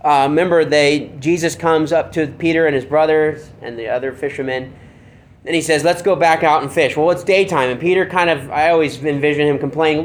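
A man's voice: on the high side, fairly quick, a little hiss or hum. A male pastor teaching a Bible study, reading passages aloud and asking rhetorical questions. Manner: reads scripture aloud and asks rhetorical questions.

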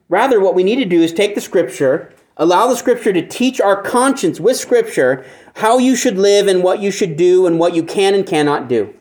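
Higher-pitched man preaching conversationally. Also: darkish tone. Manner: asks the listeners frequent rhetorical questions; repeats and restarts phrases for emphasis. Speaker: pastor. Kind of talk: conversational sermon.

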